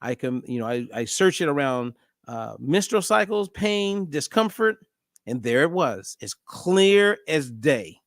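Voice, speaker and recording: A man's voice: fairly high pitch, measured pace, dry recording, clean studio sound. A middle-aged man hosting a casual monologue, telling a story and acting out the dialogue. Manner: animated storyteller, acts out dialogue. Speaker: host.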